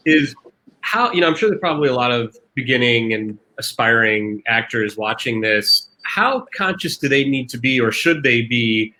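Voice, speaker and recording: A man moderating a festival panel, asking questions in a measured way. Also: medium pitch, expressive, sharp tone. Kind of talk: panel discussion.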